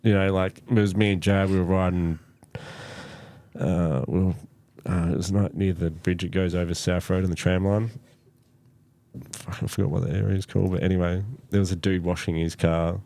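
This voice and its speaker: Gravelly man swapping stories. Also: low voice, normal speed, no echo. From Australia. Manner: loose, profane storytelling with lively quoted voices. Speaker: podcast guest. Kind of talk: casual storytelling chat.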